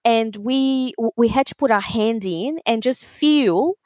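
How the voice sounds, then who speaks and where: A woman telling a story in a casual interview, animated and full of fillers, acting out other people's voices. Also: fairly high pitch, a little slow, no echo. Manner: animated, acts out voices in quotes, many fillers. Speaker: alpaca breeder, guest.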